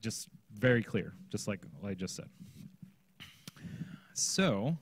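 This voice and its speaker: A man's voice: on the low side, normal speed, a little hiss or hum. A man, a children's pastor, teaching a workshop session in a conversational way, often checking in with his listeners. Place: conference room.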